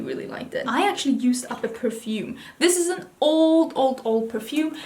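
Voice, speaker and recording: Chatty woman, higher voice. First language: Swedish. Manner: chatty, rambling, with hushed asides. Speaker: beauty vlogger. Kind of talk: casual chat reviewing used-up products.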